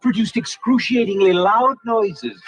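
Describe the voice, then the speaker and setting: A man's voice: high voice, unhurried, slightly rough, dry recording, low-quality recording. A man playing a pompous professor of the future in an old commercial, lecturing grandly with amusement. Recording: old broadcast ad with music.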